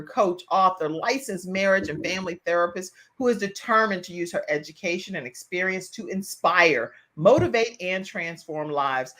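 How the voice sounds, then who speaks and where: Lively woman talk show host. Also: on the low side. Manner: lively, laughing, colloquial. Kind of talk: casual talk show chat.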